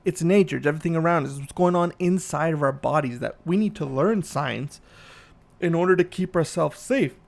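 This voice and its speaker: A man's voice: a little high, a little fast, gravelly. A man hosting a podcast, delivering a profane, ranting comedic monologue. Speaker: podcast host.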